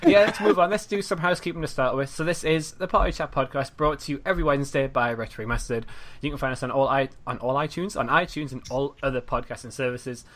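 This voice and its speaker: A man hosting a gaming podcast in a relaxed, chatty way. His voice sits at an ordinary middle pitch, and his sentences often fade into a quiet trail at the end. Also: quick pace, hardly any pauses. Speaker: podcast host. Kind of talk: casual podcast chat.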